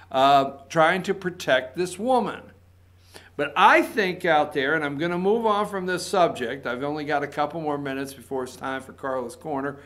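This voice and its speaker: A man's voice: sits high, pushed and bright. A male talk show host, giving indignant political opinion commentary full of repeated points and rhetorical questions.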